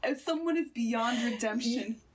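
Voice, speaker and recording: A woman's voice: on the high side, unhurried, background noise. A woman co-hosting a podcast in casual chat, telling stories and acting out what people said. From Southern California. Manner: animated storyteller, acts out quotes. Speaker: podcast co-host.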